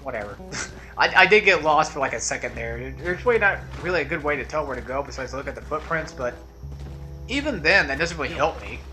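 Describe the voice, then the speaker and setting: A man talking over his gameplay in a loose, rambling way, wandering from topic to topic and letting sentences trail off. His voice sits a little high for a man and has a bright, sharp edge. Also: lively intonation, fairly quick, soft background music. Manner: rambling, drifts off on tangents; laid-back, trails off into mumbles. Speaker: let's play commentator. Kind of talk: casual gameplay commentary.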